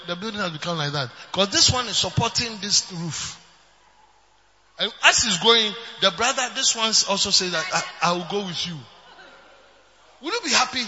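A man preaching a sermon, moving between loud shouting and quieter storytelling. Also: sits high, long reverb tail, noisy background. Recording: dull lo-fi recording.

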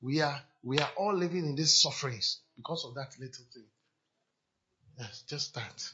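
A man's voice: medium pitch, normal speed, pushed and bright, muffled recording, slight background noise. A man preaching a sermon as a pastor, speaking emphatically and repeating his exhortations to the congregation.

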